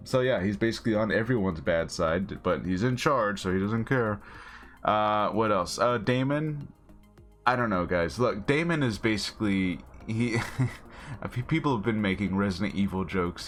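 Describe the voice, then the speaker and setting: A man's voice: deep voice, fairly bright tone. A young man giving a casual, rambling recap of a TV episode, full of fillers and chuckling asides. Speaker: TV show reviewer.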